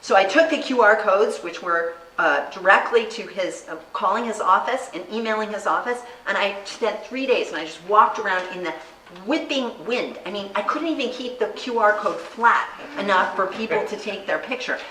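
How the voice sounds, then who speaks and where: A woman's voice: mid-range voice, moderate pace, sharp tone, reverberant, distant mic, slight background noise, low-quality recording. An American woman, a congressional candidate, giving a campaign speech and telling stories in an earnest way. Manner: earnest, storytelling, acts out quoted people.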